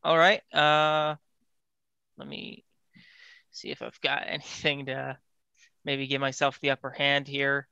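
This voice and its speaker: Bright, crisp young male player. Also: medium pitch, little pitch movement, unhurried, long pauses, no room sound, muffled recording. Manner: casual, chatty. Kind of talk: playing a tabletop game.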